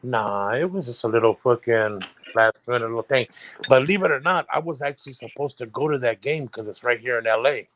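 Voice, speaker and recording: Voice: mid-range voice, brisk, fairly bright tone, a little hiss or hum. A panel guest on a live stream, telling rambling, profane stories in casual chat.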